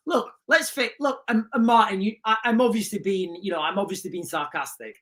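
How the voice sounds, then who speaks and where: A woman hosting a live stream from a home desk mic, speaking at a middling pitch. She reads out chat comments and answers with sarcasm and emphatic repetition. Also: brisk, hardly any pauses, a bit bright. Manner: sarcastic, emphatic, repeats key lines. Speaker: livestream host. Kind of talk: livestream commentary reading chat.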